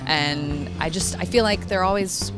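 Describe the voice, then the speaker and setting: Woman, street interview, hesitant, giggly, mid pitch, music behind. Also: a little slow. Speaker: passer-by. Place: city street outdoors.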